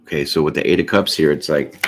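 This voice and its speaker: A man's voice: extremely low pitch, quick pace, a little hiss or hum. A man doing a casual, chatty tarot reading, joking and laughing often as he goes through the cards. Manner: chatty, laughs often, jokes and acts out little bits. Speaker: tarot reader.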